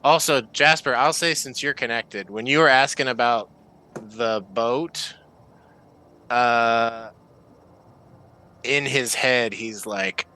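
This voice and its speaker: Bright-voiced man running a tabletop game. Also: mid-range voice, slow pace, long pauses, low-quality recording. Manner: loose, chatty narration with fillers. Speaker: game master.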